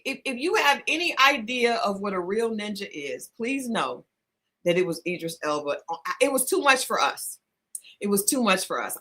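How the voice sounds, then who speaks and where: A woman co-hosting a talk show, telling a story in a casual, animated way, laughing often and restarting her sentences. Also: fairly high pitch. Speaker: podcast co-host.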